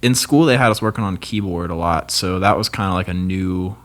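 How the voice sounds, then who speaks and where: Chill young guitarist guy rambling about his process, kinda low voice. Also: brisk, fairly bright tone. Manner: laid-back, rambling with many fillers. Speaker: guest guitarist and songwriter. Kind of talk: casual chat.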